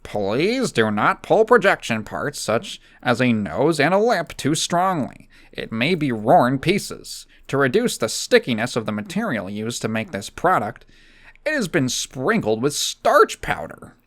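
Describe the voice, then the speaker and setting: A man doing a slow, measured impression of a male online comic reviewer reading instructions. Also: medium pitch, very animated, a bit bright. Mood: deadpan.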